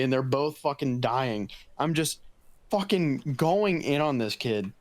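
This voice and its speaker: A man's voice: medium pitch, a little slow. A young man co-hosting a casual gaming podcast, telling stories with heavy swearing. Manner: profane, animated storytelling. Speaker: podcast co-host.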